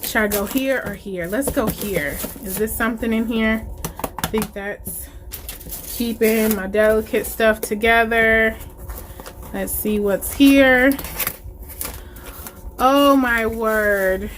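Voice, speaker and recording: Excitable woman gushing over an unboxing. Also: a little high, takes it slowly, pauses often, noisy background. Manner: gushing, excitable, exclamations of delight. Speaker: planner unboxing vlogger. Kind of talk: casual unboxing chat to viewers.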